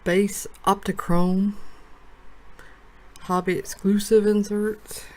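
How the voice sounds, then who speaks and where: A woman from a card shop talking casually as she opens a box of trading cards, thinking aloud, her voice low with early morning. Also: level tone, slow pace, darkish tone. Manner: chatty, thinks aloud while sorting cards.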